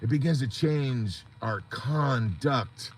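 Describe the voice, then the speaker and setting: A man's voice: medium pitch, takes it slowly, a little hiss or hum. A man hosting a support group on a live stream, talking in an earnest, rambling, motivational way.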